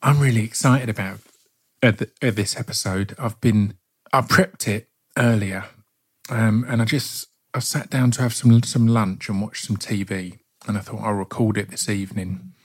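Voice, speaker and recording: A man hosting a solo podcast, talking softly and gently in a heartfelt way. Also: lowish voice, moderate pace, husky. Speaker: podcast host.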